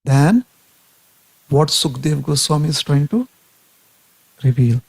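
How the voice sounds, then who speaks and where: A man from India, giving a devotional talk in a deliberate way, often asking rhetorical tag questions. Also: on the high side, expressive, vocal fry, darkish tone, breathy edge, no room sound. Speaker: devotional speaker.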